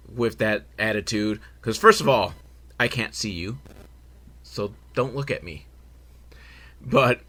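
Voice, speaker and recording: A man recapping a film for laughs, sarcastic and quick to swear. His voice is bright and swings widely in pitch as he mocks what happens on screen. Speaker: movie recap host.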